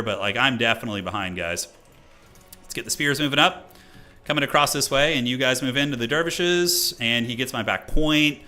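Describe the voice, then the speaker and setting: A man's voice: mid-range voice, pushed and bright. A man streaming a tournament game, talking viewers through his moves in a casual, self-critical way, thinking aloud with lots of fillers. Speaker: streamer playing a competitive strategy tournament. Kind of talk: live game commentary to viewers.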